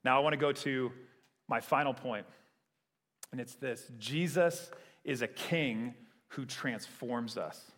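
A man's voice: medium pitch, slow, a bit bright, in a large hall. A man preaching a sermon in a conversational way, often checking in with "right?". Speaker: pastor.

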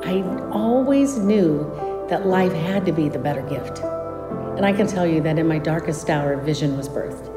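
A woman speaks in a documentary interview, earnest and uplifting. Her voice is a bit low and rings in a roomy space. Music plays clearly behind her. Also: expressive, normal speed. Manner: earnest, inspirational. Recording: roomy reverb with music underneath.

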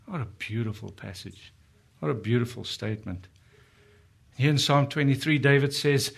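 Earnest preacher man pausing on scripture. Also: mid-range voice, creaky, breathy edge. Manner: earnest, rhetorical questions to the congregation; slows down to dwell on scripture quotes. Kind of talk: sermon.

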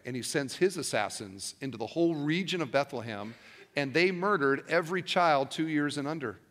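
A man's voice: on the high side, sharp tone, big-room sound. A male pastor preaching a sermon, telling a story and asking rhetorical questions.

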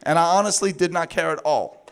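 A man preaching a sermon through a funny personal story, laughing often and acting out his own words in a high sing-song voice. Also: a little fast, vocal fry, fairly bright tone, a little hiss or hum.

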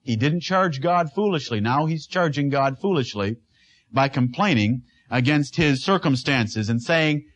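A man's voice: fairly high pitch, lively intonation, measured pace, fairly bright tone. A man preaching as a pastor, emphatic, asking his listeners questions and repeating a refrain. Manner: asks the congregation questions. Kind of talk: sermon.

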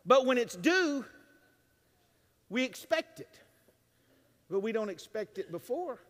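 Man, sermon, hushed-to-loud delivery, joking asides, lingering echo of a big church. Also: very high voice, very animated, takes it slowly. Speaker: pastor. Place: church sanctuary. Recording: long reverb of a large church.

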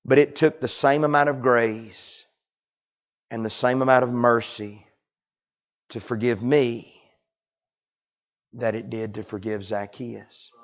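Predicatore del Sud degli Stati Uniti, tono alla buona, tra sussurri e grida, voce media, registrazione spenta. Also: male voice, medium pitch, fairly even intonation, slow pace, long pauses, lo-fi sound. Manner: folksy, swings from hushed to loud cries. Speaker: pastor. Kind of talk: sermon.

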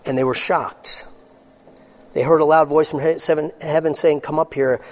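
A man preaching a sermon as pastor, swinging between loud excited bursts and low hushed lines. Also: moderate pace.

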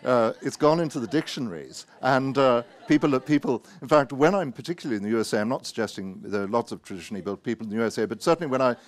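A man, an author, giving a wry, anecdotal talk full of hesitant pauses and self-mocking asides. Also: mid-range voice.

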